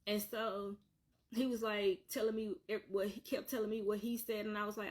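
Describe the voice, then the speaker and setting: A woman's voice: mid-range voice, level tone, moderate pace. A woman telling her own painful story on a vlog, earnest and repetitive, circling back to the same points. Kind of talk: emotional personal storytelling.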